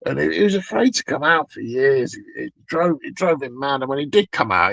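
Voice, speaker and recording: A man's voice: on the high side, sing-song, fairly quick, vocal fry, few pauses, fairly bright tone, no echo, poor audio. A British man streaming live, rambling through crude, profane stories in casual chat.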